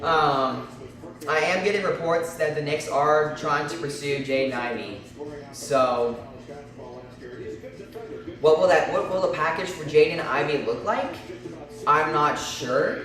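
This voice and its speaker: A man's voice: a little high, slow pace, long pauses, far from the mic, crowd noise. A man does casual live commentary as host of a sports stream. He hesitates, fills gaps with ums and starts phrases over. His voice sits well back from the mic in a very echoey room. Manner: hesitant, many fillers and restarts.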